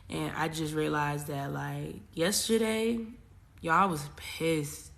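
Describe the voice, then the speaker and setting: Bright-voiced, chatty woman coach. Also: low-pitched, steady tone, slow pace, gravelly. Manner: chatty, profane, swings from loud to hushed. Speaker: spiritual coach. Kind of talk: casual live chat.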